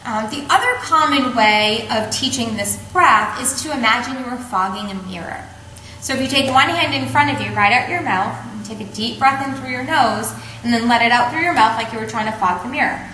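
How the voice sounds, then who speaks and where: A woman teaching a yoga breathing technique in a calm, patient way, often checking in with "okay?". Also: fairly high pitch, a little fast, a little hiss or hum. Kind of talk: instructional explanation. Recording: echoey room, faint ambience.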